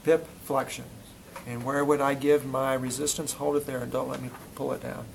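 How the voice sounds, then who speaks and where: A man's voice: medium pitch, flat delivery, normal speed, creaky, a little hiss or hum, poor audio. Man teaching a hands-on anatomy class. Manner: questioning students, demonstrating on a volunteer. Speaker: physical therapy instructor. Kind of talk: classroom demonstration lecture.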